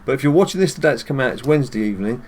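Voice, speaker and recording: A man's voice: medium pitch, expressive, very fast, a little mellow. A British man hosting casual gameplay commentary, chatty and addressing viewers directly, chuckling often. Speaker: gaming channel host.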